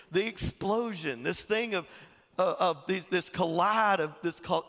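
Man, pastor preaching, animated storyteller, gravelly, long hall reverb. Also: a little high. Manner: animated storytelling, chuckling, acting out quotes. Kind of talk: sermon.

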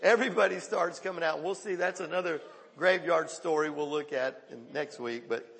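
A male pastor preaching a sermon, swinging between loud calls and hushed quoted lines. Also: fairly high pitch, normal speed, vocal fry, in a large hall.

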